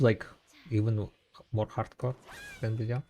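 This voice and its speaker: A man's voice: lowish voice, fairly even intonation, normal speed, darkish tone. Chatty streamer guy. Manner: chatty, answers viewers' chat between play. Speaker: live streamer. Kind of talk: casual live-stream chat while gaming.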